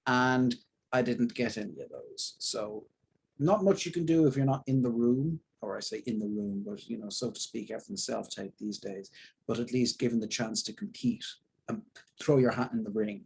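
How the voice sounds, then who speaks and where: Husky-voiced Irish man chatting candidly. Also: mid-range voice, normal speed, a little mellow, low-quality recording. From Ireland. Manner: candid, rambling, self-deprecating. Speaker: actor, interview guest. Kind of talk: casual interview talk.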